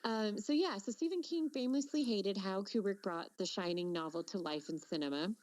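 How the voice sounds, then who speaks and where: A woman's voice: mid-range voice, normal speed, darkish tone, no room sound, poor audio. A woman co-hosting a casual podcast, chatty and full of fillers and restarts. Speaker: podcast co-host.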